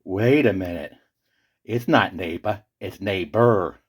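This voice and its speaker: A man's voice: low voice, slow, breathy edge, full character voice. A man voicing a fussy, pedantic male character who keeps correcting others in a comedy skit. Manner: correcting, know-it-all.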